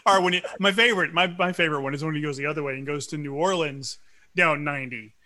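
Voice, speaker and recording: A middle-aged man from Louisiana chatting casually on a podcast, ranting with quick asides. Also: a little high, crowd noise. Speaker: podcast co-host. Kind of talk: casual chat.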